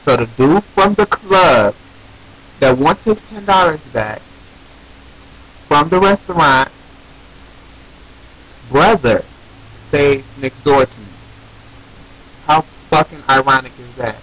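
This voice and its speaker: Animated, profane young man telling a story. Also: a little high, slow, pauses often, poor audio. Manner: animated, profane, rants with rhetorical questions. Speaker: vlogger. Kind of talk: casual storytelling to camera.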